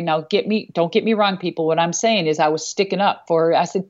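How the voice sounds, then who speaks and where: A woman's voice: lowish voice, moderate pace, highs cut off. Blunt, salty-tongued woman host. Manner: blunt and salty, swears freely, laughs often. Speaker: show host and former wrestler. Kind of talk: casual chat.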